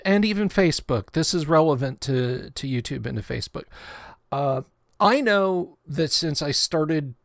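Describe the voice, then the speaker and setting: A man's voice: mid-range voice, no echo, studio quality. A man hosting a livestream, chatting casually in a rambling way and often stumbling over and repeating words. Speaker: livestream host of a tabletop game channel.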